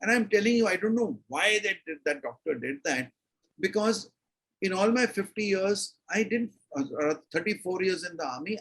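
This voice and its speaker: An older man with an Indian English accent, a retired army officer telling a personal story as an interview guest in an animated, emphatic way. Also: sits high, moderate pace, slightly rough, rough recording. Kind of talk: storytelling in a conversation.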